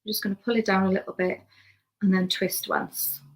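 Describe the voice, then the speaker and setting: A young Welsh woman teaching crochet step by step, chatty and relaxed as she works with her hands. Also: medium pitch, a little fast, low-quality recording. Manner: relaxed, chatty, talks while working with hands. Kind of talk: step-by-step craft demonstration.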